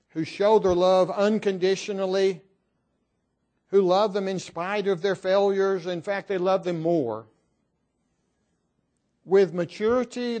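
A man preaching a sermon in an earnest, emphatic, measured way. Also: sits high, darkish tone.

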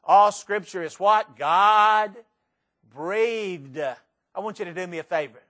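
A man preaching a sermon, reciting poetry dramatically and firing rhetorical questions at the congregation, swinging from loud to soft. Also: sits high, slow pace.

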